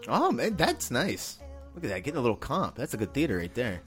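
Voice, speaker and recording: A man's voice: medium pitch, a little fast, faint music behind. A man co-hosting a film podcast in casual chat, joking around and slipping into mock voices. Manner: animated joker, jumps into mock voices. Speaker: podcast co-host.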